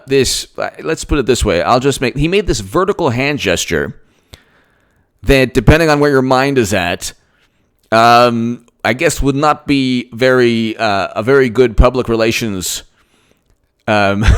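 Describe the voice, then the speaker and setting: A man in the middle of a fiery political monologue, his pitch swinging widely as he stresses his points. He repeats himself for emphasis, throws out rhetorical questions and slips in short laughs, with a voice of ordinary middle pitch. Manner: animated, laughs between points. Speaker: political commentator.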